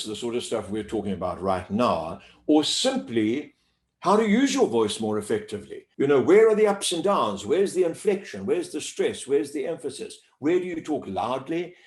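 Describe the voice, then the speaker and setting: A male voice coach answers interview questions, carefully demonstrating vowel sounds. His pitch swings widely as he makes his points. The recording carries a noticeable room echo. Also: sing-song. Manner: clear, deliberate teacher's delivery, stretching out sounds to demonstrate. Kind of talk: interview answers, explaining pronunciation. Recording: echoey room.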